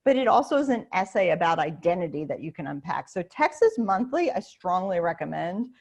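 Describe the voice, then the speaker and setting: A female professor chats through teachers' questions on a video call, lively and informal, often restarting and filling gaps. Her fairly low voice has a gravelly texture, and she moves along briskly.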